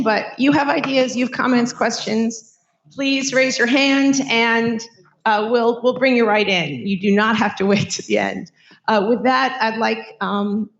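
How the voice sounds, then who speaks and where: A woman with a scratchy, hoarse voice moderating a live conference panel in a chatty, informal way. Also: fairly high pitch. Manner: chatty, informal, many fillers. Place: conference stage. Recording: echoey hall, dull sound.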